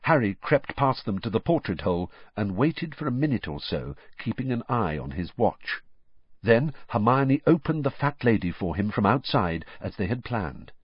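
A man narrating an audiobook with expressive, varied storytelling. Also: lowish voice, breathy edge, no echo. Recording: dull, dry lo-fi recording.

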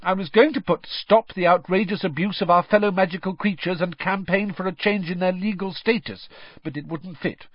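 A man's voice: high voice, a little fast, dry recording, voice pushed up. A man voicing an earnest, indignant teenage schoolgirl witch, eager and fervent, in a dull, dry recording.

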